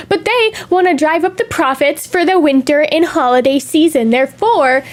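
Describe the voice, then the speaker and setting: A young woman streamer in casual chat, telling stories in a chatty, animated way with gasps and laughs. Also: sits high. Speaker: VTuber streamer.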